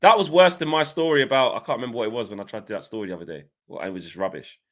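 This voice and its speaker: Male co-host, emphatic casual football chat, average pitch. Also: very fast, fairly bright tone. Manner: emphatic, slangy, repeats himself.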